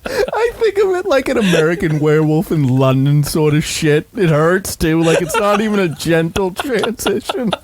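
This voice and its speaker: A man's voice: on the high side, big pitch swings, moderate pace, a little hiss or hum. A young man co-hosting a podcast, joking crudely and sarcastically in casual chat. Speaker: podcast co-host.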